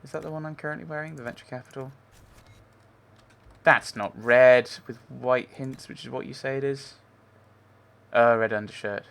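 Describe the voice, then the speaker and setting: A man's voice: medium pitch, fairly even intonation, moderate pace, pauses often, fairly bright tone. A man playing a video game and chatting to himself in loose, musing commentary. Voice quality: gravelly. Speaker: game player. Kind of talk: casual gameplay commentary.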